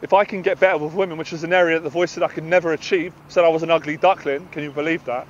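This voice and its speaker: A man's voice: fairly high pitch, steady tone, very fast, highs cut off, a little hiss or hum. A British man, a confidence coach, giving a passionate, emphatic motivational talk to camera outdoors.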